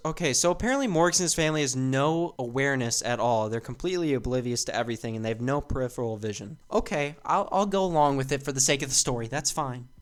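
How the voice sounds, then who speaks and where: A man giving mocking, exasperated reaction commentary with deadpan jabs. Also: mid-range voice, quick pace, hardly any pauses, soft background music. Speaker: commentary YouTuber.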